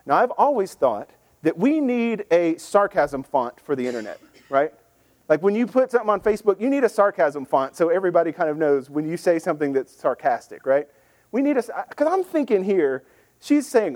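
A man preaching a sermon in a lively, conversational way, acting out the people in the scripture story in voices. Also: on the high side, fairly quick. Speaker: pastor.

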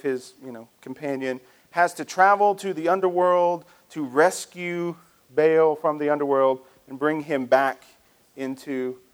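A male pastor preaching a sermon in a conversational, storytelling way with frequent restarts. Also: fairly high pitch.

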